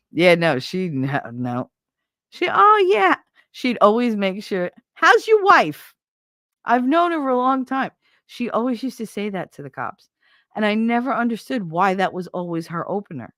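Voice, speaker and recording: A woman with a New Jersey accent hosting a casual livestream, chatting and reading viewer comments in a chatty, profane, animated way. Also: sits low, no echo, clean studio sound. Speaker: livestream host. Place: at home, smoking.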